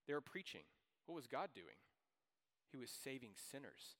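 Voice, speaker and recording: A man preaching a sermon as pastor, emphatic, repeating key phrases and swinging between loud and hushed delivery. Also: mid-range voice, very animated, moderate pace. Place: church sanctuary. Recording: long reverb of a church hall.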